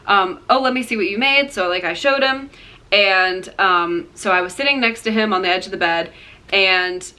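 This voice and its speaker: A woman's voice: medium pitch, sharp tone. A young woman vlogger telling a personal story to camera in a rambling, heartfelt way, full of fillers and acted-out quotes.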